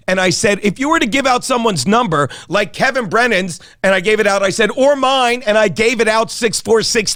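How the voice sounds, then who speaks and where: High-voiced rambling middle-aged man. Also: a bit bright, no room sound, studio quality. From South Jersey. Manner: rambling, long-winded, profane, laughs while telling. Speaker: guest co-host, comedian. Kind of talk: casual storytelling chat.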